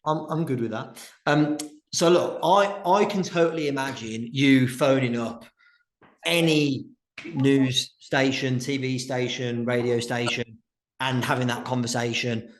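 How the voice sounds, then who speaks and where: A man's voice: medium pitch, unhurried. A man hosting a podcast interview, thoughtfully framing questions for his listeners. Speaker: podcast host. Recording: roomy echo.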